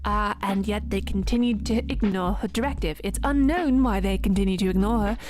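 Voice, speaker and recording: A woman's voice: mid-range voice, a little fast, lightly acted. A woman putting on a wavering posh voice to play a pompous, sardonic storybook narrator, over background music. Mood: mock-grave. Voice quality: wavering put-on posh accent. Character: wry, dry, pompous storybook narrator of a game.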